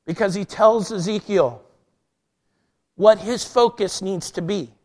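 A man with a strikingly high voice delivers a sermon in a hall with a long, lingering echo. He repeats his key lines slowly and leans into them, sometimes climbing to a near-shouted plea. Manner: preaching with slow emphatic repetition, rising to near-shouted prayer. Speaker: pastor.

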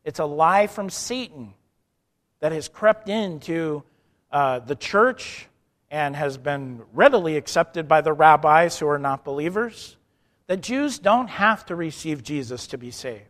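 Emphatic high-voiced male preacher. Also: expressive, measured pace, in a large hall. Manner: emphatic, swings from soft to loud, acts out quotes. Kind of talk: sermon.

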